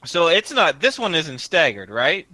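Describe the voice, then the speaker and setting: A man's voice: fairly high pitch, wildly swooping pitch, a little slow, sharp tone, no echo. A man playing a tabletop role-playing game, talking in a joking way with plenty of profanity. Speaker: player. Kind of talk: casual tabletop play.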